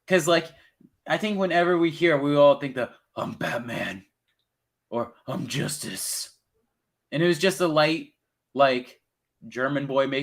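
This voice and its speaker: Excitable young man rambling about movies. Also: on the high side. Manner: rambling, excitable, swears casually. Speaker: podcast co-host. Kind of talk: casual movie review chat.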